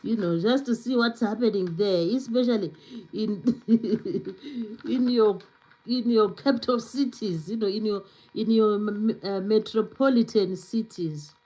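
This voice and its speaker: A woman's voice: medium pitch, unhurried, mellow, poor audio. A woman hosting a casual live stream, chatting freely with lots of "you know"s and answering viewer comments as she goes. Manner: chatty, filler-heavy with many "you know"s.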